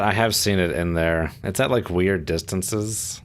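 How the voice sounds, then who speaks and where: Very deep-voiced man streaming casually. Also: a little slow. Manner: relaxed, rambling, many fillers and restarts. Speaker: streamer playing a submarine sim. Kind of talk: casual live-stream chat.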